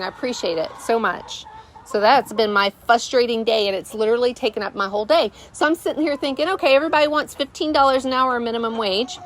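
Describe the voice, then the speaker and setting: Lady vlogging outside, kinda high voice, fed up and rambling, chickens faint in the back. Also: slight background noise. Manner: exasperated, rambling, many fillers. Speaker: vlogger, channel host. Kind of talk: casual storytelling to camera. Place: rural homestead, outdoors.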